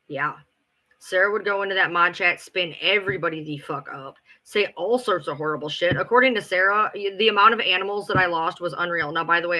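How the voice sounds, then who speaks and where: Bright-voiced streamer ranting fast. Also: medium pitch. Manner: heated, profane, talks fast in bursts. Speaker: livestream host. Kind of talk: casual livestream rant.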